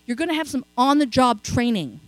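High, lively woman preaching a sermon. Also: brisk, no echo, rough recording. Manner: conversational storytelling, frequent "okay?" asides.

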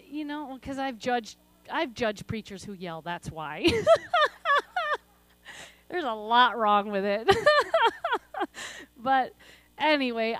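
High-voiced lady preaching, passionate, dry close sound, goes soft then loud, laughs a lot. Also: no echo. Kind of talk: sermon with prayer.

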